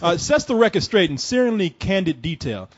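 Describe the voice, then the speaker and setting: A man reads a news story aloud on a comedy podcast and keeps breaking in with crude jokes. His husky voice swings lively up and down. The recording sounds dull and lo-fi. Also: high-pitched, a little fast. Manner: crude, laughing asides while reading. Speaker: podcast host.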